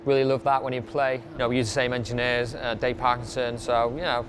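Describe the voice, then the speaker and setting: A man's voice: medium pitch, level tone, fairly quick, background noise. A middle-aged man, chatting casually through a countdown, rambling with fillers. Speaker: club night promoter.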